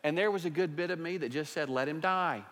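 A man voicing Abigail, calm and hushed. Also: a little high, long reverb tail, lightly acted. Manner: calm, quiet and measured. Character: calm righteous woman gently confronting her husband.

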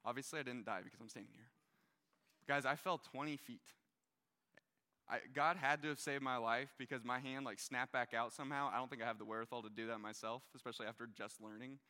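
Young male preacher, casual and animated, bright tone, long hall reverb. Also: medium pitch, fast talker. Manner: casual, animated storytelling with many fillers. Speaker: young adult pastor. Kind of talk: sermon storytelling. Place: large hall with a stage.

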